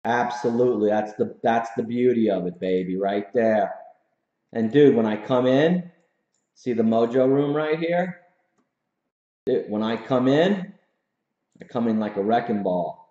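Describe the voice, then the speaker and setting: Hyped slangy dude hosting a stream from his home office, slow talker, mellow tone, roomy kinda dull mic. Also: medium pitch. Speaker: host. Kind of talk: casual livestream chat. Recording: roomy, slightly dull room sound.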